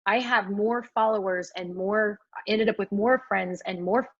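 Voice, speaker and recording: A woman's voice: medium pitch, measured pace, dry recording, lo-fi sound. A woman co-creator of a web series, earnestly sharing her crowdfunding experience.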